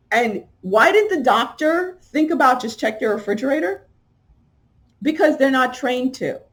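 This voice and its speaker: A woman hosting a talk show, reading from an article and commenting on it, with emphatic stress and repeated key words. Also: a little high. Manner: talks straight to listeners, asking them questions. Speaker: podcast host.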